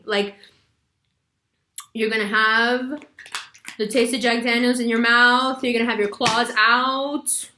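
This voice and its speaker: A woman's voice: on the high side, fairly even intonation, measured pace, bright, forceful tone, reverberant. A woman giving a tarot reading in a frank, slangy, emphatic way, often laughing as she talks. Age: adult with a son. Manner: laughs often while talking. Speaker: tarot reader. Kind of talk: casual tarot reading monologue.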